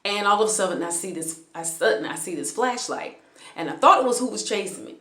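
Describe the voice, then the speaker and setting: A woman's voice: medium pitch, animated, fairly quick, sharp tone, echoey room. A woman vlogger telling a personal story in a casual, conversational way, with frequent hesitations and restarts.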